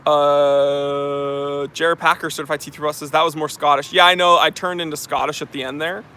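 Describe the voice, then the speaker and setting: A man's voice: on the high side, little pitch movement, normal speed, sharp tone, smooth. A man from New Hampshire hosting a casual livestream outdoors, reading chat aloud in an affected posh English accent, joking and rambling with many fillers. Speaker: channel host reading live chat. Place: outdoors on a street. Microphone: phone on a handheld tripod.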